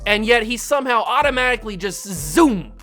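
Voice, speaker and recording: A woman's voice: a little high, lively intonation, brisk, a bit bright, soft background music. A woman hosting a gaming channel, giving live commentary on a football video game while venting her frustration at the play.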